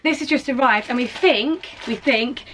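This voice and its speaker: A young woman from England chatting in a casual vlog, bubbly and quick to laugh. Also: high-pitched, background noise. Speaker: vlogger.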